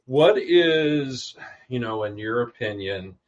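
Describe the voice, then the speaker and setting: A man's voice: medium pitch, expressive, slow, muffled recording. A man hosting an interview, joking loosely and filling his questions with "you know". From the American South. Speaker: podcast host. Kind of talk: casual interview chat.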